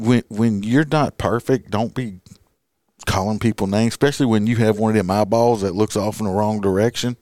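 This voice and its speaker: Low-voiced police officer telling stories. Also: male voice, a little mellow, dry recording, studio quality. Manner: laughs often while telling stories. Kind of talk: casual storytelling.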